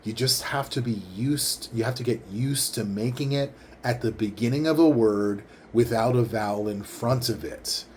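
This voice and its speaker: A vlogger of medium pitch and darkish tone leans in to his microphone, with some slight hiss or hum, to explain casually how his name is said. Speaking slowly and carefully, he repeats the words one syllable at a time.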